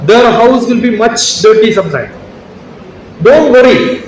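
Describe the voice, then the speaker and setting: A man's voice: very high-pitched, a little slow, long pauses, far from the mic, slight background noise. Man lecturing in a very echoey hall. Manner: rhetorical, keeps asking the audience questions. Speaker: speaker at a teachers' workshop. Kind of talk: motivational talk to an audience.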